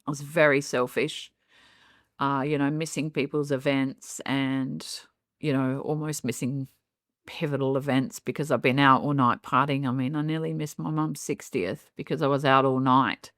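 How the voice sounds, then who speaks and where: A woman's voice: extremely low pitch, little pitch movement, moderate pace, fairly bright tone, no room sound, studio quality. Middle-aged woman, candid and reflective. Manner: reflective and open, with frequent "um" and "you know". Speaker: guest. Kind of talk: candid personal storytelling in a podcast interview.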